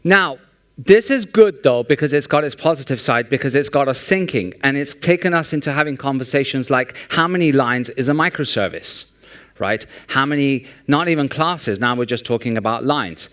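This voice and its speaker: A man's voice: mid-range voice, normal speed. Wry, sarcastic man giving a conference talk. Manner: sarcastic, joking, animated storytelling. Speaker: conference speaker. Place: large conference hall.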